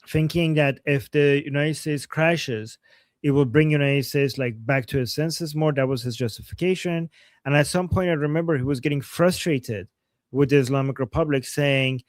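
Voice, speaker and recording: A man hosts a political livestream in a loose, chatty way, stopping to restart sentences and read out viewer comments. His voice sits somewhat high for a man. The mic is close and dry, with no room sound. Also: darkish tone, no echo. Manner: chatty, reads super chats, many fillers and restarts. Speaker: livestream co-host.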